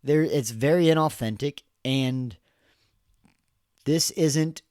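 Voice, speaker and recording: A man's voice: medium pitch, takes it slowly, a little mellow, dry recording, studio quality. A man in his thirties hosting a podcast, giving rambling, sarcastic political commentary with laughs and restarts. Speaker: podcast host.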